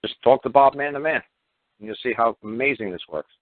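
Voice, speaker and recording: A man's voice: mid-range voice, fairly quick, no room sound. A man hosting a call-in radio show, lecturing a caller in a blunt, profane way. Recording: dry phone-line radio audio.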